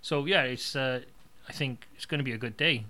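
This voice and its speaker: A man's voice: mid-range voice, brisk, crowd noise. A man co-hosting a podcast, chatting in an easygoing, casual way. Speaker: podcast co-host. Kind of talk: casual chat.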